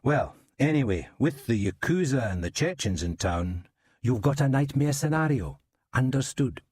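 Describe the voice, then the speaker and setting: Male reader as a blunt probing detective, husky, lively, dry sound. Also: mid-range voice, no echo, voice pushed up. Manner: probing, brisk questions. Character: blunt Scottish male detective inspector, dogged.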